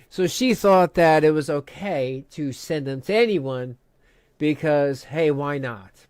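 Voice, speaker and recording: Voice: medium pitch, a little mellow, no room sound, clean studio sound. A host doing casual commentary on a stream, heated and sarcastic, often laughing.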